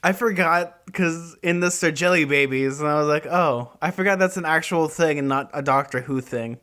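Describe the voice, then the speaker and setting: A man's voice: a little high, normal speed, sharp tone, clean tone. Easygoing man co-host, mock-dramatic. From America. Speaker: podcast co-host. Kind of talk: casual chat recapping a book.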